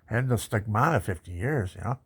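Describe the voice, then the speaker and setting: Man, personal testimony, laughs often, boastful, gravelly voice. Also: fairly low pitch, animated, fairly quick, no echo.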